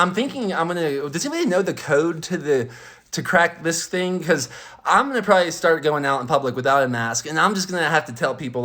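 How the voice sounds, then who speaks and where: A man telling a story as a podcast host, indignant and animated, acting out both sides of an argument with many restarts and stammers. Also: on the high side. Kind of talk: ranting storytelling monologue.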